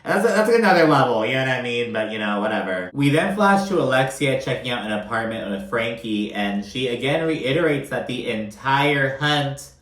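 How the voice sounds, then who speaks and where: A man's voice: medium pitch, expressive, moderate pace, few pauses, a bit bright. A man recapping a reality TV episode in casual, chatty commentary, swearing freely and filling his talk with "like" and "you know". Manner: chatty, profane, filler-heavy. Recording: roomy echo.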